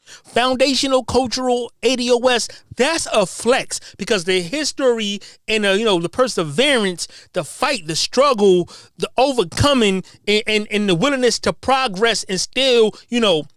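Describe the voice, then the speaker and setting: A woman's voice: a little high, animated, normal speed, no room sound, clean studio sound. A woman hosting a podcast, ranting with profanity and firing off mocking rhetorical questions, stammering repeated words as she builds up. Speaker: podcast host. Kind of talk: heated podcast rant.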